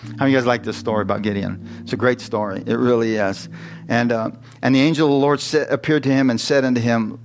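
Pastor mid-sermon, chatty and questioning, faint music behind. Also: male voice, medium pitch, fairly even intonation, fast talker. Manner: asks the congregation questions, jokes, reads scripture aloud.

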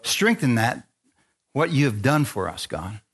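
A man pastor preaching a sermon, calling on the congregation for amens, dropping to low asides and climbing to loud, rising exhortation, with jokey self-deprecating remarks. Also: big pitch swings, unhurried, slightly rough. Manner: call-and-response preaching, asks the crowd for amens.

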